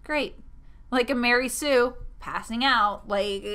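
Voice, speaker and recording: A woman's voice: fairly high pitch, slow, a bit bright, clean tone. A young woman reading a bad horror story aloud and mocking it with snarky asides. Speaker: story reader and critic. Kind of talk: sarcastic reading of a creepypasta.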